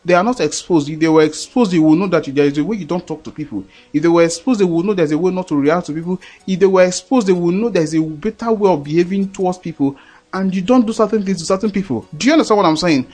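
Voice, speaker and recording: A man's voice: sits high, fast talker, a little mellow, faint music behind. A man preaching a sermon in an earnest, repetitive way, often checking that listeners understand.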